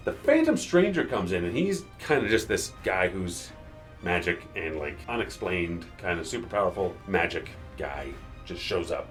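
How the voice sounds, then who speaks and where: A man's voice: low-pitched, big pitch swings, moderate pace, soft background music. A man casually recapping a comic book issue for his channel, loose and jokey, often paraphrasing what the characters say.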